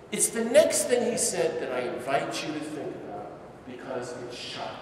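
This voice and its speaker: A man's voice: a little high, sing-song, moderate pace, a little mellow, slight background noise. A middle-aged man, a priest, telling stories to a church audience with impassioned, building emphasis. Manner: impassioned, rising to emphatic peaks. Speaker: priest giving a talk. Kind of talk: church talk, storytelling. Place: large church hall. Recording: echoey church hall, distant mic.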